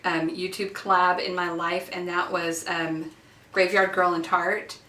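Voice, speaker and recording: Woman, thirties, beauty vlogger, giddy and chatty, bright voice, echoey bathroom. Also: fairly low pitch, flat delivery, a little slow. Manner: giddy and gushing, with many fillers. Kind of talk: casual unboxing vlog. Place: home bathroom. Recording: echoey bathroom, mic a bit far off.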